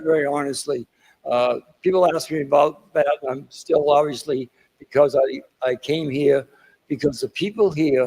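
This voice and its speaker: Older man with a Boston accent, gravelly and a bit husky, who digresses through stories at a keynote. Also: on the high side, darkish tone, low-quality recording. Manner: digressive storyteller with asides and self-deprecating jokes. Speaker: keynote speaker. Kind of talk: rambling motivational speech. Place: conference hall.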